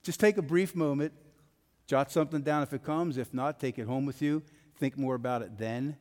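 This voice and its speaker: A man's voice: mid-range voice, moderate pace, a little mellow. Man preaching in a reverberant church. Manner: emphatic, rising and falling preaching cadence. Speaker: pastor. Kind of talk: sermon. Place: church sanctuary. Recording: long hall reverb.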